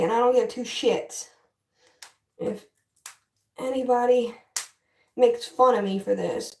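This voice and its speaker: A woman's voice: on the high side, a little slow, long pauses, a little mellow, distant mic, a little hiss or hum. A young woman livestreaming as she styles her hair, chatting casually with viewers, frustrated and swearing. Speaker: livestream host. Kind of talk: casual livestream chat while styling hair. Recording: echoey room, voice off-mic.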